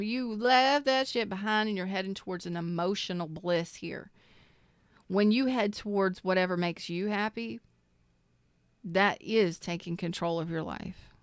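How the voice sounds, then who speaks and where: A woman reads tarot live in a loose, emphatic way, swearing freely and preaching at her viewers. Her voice is smooth and clear. It sounds dry and close, with no room around it. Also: lowish voice, no room sound. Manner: emotional, close to tears. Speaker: tarot reader.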